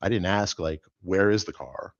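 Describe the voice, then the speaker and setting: A middle-aged man, still sore after an accident, hosting a show and telling a rambling, animated story with lots of fillers. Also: sits low, moderate pace, no room sound, muffled recording. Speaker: host. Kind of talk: casual chat.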